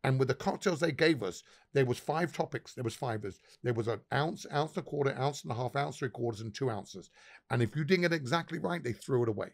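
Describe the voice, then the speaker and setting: A middle-aged man guesting on a podcast, telling stories with great energy. He swears constantly and acts out both sides of each argument. His voice sits at an ordinary middle pitch. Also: animated, fast talker. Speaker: guest, pub owner. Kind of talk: casual storytelling.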